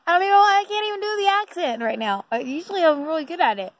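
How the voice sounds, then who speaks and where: A woman's voice: extremely high pitch, big pitch swings, rapid-fire, low-quality recording. A woman talking casually to her phone at night, rambling and giggling with lots of fillers. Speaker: vlogger. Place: indoors at night.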